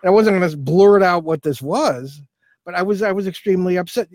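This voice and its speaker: Older male guest, slightly high voice, dry sound, rambling storyteller full of fillers. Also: a little fast, darkish tone, dry recording. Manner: rambling, many fillers and restarts. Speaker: paranormal investigator guest. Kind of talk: storytelling in an interview.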